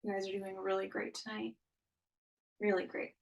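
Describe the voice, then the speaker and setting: A woman's voice: medium pitch, flat delivery, normal speed, creaky. Upbeat woman coaching a workout, distant mic. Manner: upbeat, encouraging, counts down intervals. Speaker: fitness instructor. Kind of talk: live online workout instruction.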